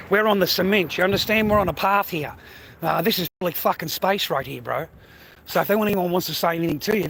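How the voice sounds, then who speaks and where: Walking down a city street, a man live streams on his phone, talking bluntly, profanely, and at rambling length. His voice sits high, fairly bright and slightly rough, with faint street noise behind it.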